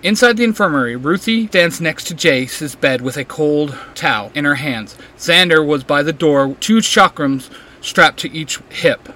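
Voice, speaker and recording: A man's voice: a little high, expressive, measured pace, bright, forceful tone, poor audio. A man narrating a fan fiction story aloud, reading steadily and acting out the dialogue. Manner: reads steadily, acts out the dialogue.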